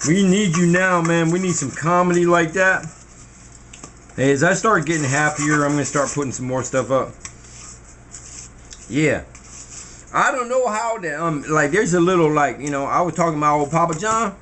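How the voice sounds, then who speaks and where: A man hosting his own video, talking in a casual, halting ramble with an earnest tone. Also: fairly high pitch, sharp tone, slight background noise. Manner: halting, full of restarts and fillers, earnest. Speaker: home cook and video host.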